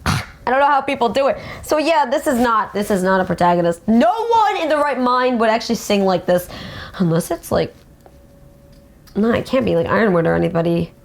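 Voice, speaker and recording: A young adult woman hosting a casual fan show about song lyrics, talking with animated enthusiasm. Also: on the high side, brisk, creaky. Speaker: host.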